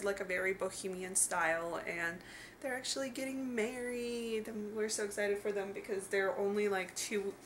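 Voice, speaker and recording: A young woman with a Russian accent, rambling casually with many fillers as she vlogs around a city on a handheld camera. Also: medium pitch. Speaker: vlogger. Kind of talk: casual travel vlog narration. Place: around a city, indoors and outdoors. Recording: loud street and traffic noise.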